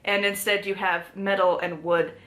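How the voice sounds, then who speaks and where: A woman's voice: medium pitch, level tone, normal speed, a bit bright. A woman chatting casually through a book haul, full of "like" fillers and small laughs. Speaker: book reviewer.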